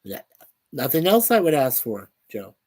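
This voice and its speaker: A man hosting a casual live stream, reading viewer comments aloud in an unhurried way and chuckling often. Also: mid-range voice, big pitch swings, darkish tone. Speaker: livestream host reading chat.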